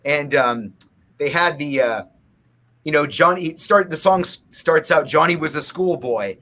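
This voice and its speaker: This musician, a guest in a casual interview, has a slightly bright voice on the high side and a moderate pace. He's a rambling storyteller whose long tales are full of restarts.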